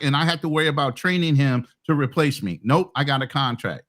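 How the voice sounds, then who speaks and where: A man's voice: a little high, sing-song, fairly quick, hardly any pauses, sharp tone. A middle-aged man talking bluntly and profanely in a casual podcast chat, as a co-host. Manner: blunt, profane, boastful storytelling.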